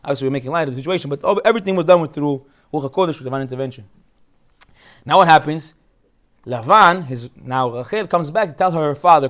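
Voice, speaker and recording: A rabbi who grew up speaking Hebrew gives a casual, joking Torah talk, telling the story as a lively storyteller who laughs often. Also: male voice, a little high.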